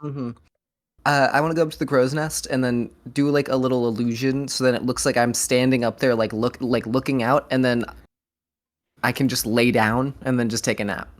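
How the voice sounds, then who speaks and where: A man's voice: medium pitch, steady tone, a little fast. Man rambling casually as a player. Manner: loose, rambling with uh and like. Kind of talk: casual tabletop play.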